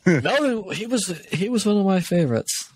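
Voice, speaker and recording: A man's voice: high-pitched, sing-song, normal speed, husky, no room sound. Laughing guy on a casual podcast. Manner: laughs often, retells comedy bits. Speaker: podcast co-host. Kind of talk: casual chat.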